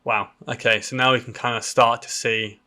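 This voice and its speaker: A man's voice: mid-range voice, flat delivery, moderate pace, sharp tone. A man from the UK hosting a property education channel, casually walking viewers through a land listing on screen. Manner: casual, explanatory, with fillers. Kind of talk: screen-share walkthrough.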